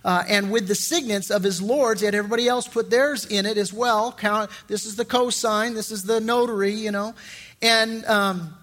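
A middle-aged man preaching a sermon as pastor, in a lively conversational way with frequent restarts. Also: sits high, moderate pace.

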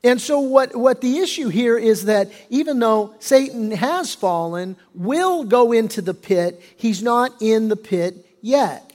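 A man's voice: extremely high pitch, expressive, a little slow, few pauses, a little mellow. A man preaching a sermon as pastor. He explains things conversationally and often restarts his sentences. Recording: long reverb of a large hall.

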